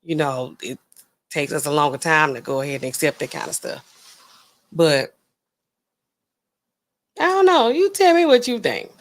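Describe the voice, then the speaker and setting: A woman pharmacist hosting a casual livestream, chatting in a slangy, animated way, reading out viewer comments and laughing often. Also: moderate pace, pauses often. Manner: animated and chatty, slangy, swings between low asides and high exclaims; laughs often mid-sentence.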